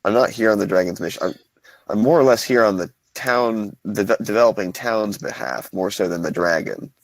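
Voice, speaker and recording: A man's voice: on the low side, fairly quick, gravelly, dry recording, low-quality recording. A man playing a tabletop game in character, hesitant and rambling with many restarts. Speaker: player.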